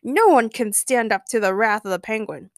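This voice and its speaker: A woman voicing a pompous, shouty male supervillain in a read-aloud fan story. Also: on the high side, expressive, normal speed, dry recording, clean studio sound. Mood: gloating. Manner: shouty and self-important.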